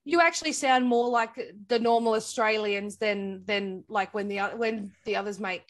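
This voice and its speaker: A woman's voice: mid-range voice, normal speed. A woman hosting a podcast in playful, jokey casual chat.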